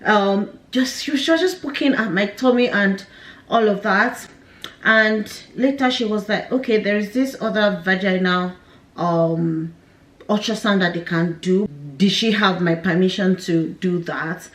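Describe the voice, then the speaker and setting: A woman's voice: mid-range voice, unhurried. A young woman tells a painful personal story straight to camera. She speaks candidly, with nervous laughs breaking through. Her voice sits in a middle range, and it rings in an echoey room. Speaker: vlogger.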